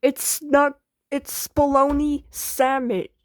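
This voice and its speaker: A woman's voice: sits high, level tone, takes it slowly, no echo, clean studio sound. A woman hosting a casual comedy skit, patiently correcting and teasing. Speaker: video host and skit performer.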